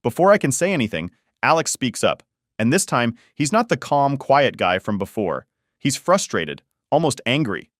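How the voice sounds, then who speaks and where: A man's voice: fairly low pitch, very animated, moderate pace, a bit bright, no room sound, studio quality. A man narrating a first-person family drama story in an exasperated, matter-of-fact way.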